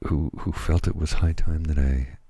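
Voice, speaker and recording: A tired man from Canada, talking slowly and haltingly at home at night in a soft ASMR manner, with many fillers and restarts. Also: rumbling low, fairly even intonation, creaky, husky, dry recording. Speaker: ASMR channel host. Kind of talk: soft-spoken ASMR personal talk.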